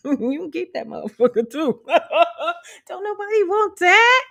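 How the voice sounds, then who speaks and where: A woman's voice: very high-pitched, measured pace, vocal fry, fairly bright tone. A woman vlogger giving a casual motivational rant to viewers. She is blunt and profane, sassy, and laughs often. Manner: sassy, talks straight to viewers. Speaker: empowerment vlogger.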